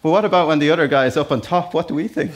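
Irish man preaching a lively sermon. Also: a little high, very fast. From Ireland. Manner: conversational, animated storytelling with asides. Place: church hall.

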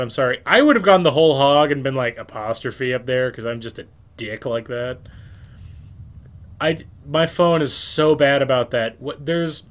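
Man, let's-play commentator, rambling and self-mocking, casual swearing. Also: mid-range voice. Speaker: game streamer.

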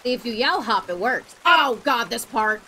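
A woman's voice: fairly high pitch, lively intonation, moderate pace, sharp tone, a little hiss or hum. A woman streamer chatting casually while gaming, sarcastic and playful, swearing freely. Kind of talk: casual gameplay chat.

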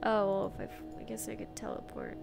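A woman chatting casually as she plays a virtual-reality game with friends, chatty and excitable. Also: mid-range voice, creaky, over music. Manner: chatty, excitable, quick gasps and exclamations. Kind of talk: casual chat while gaming.

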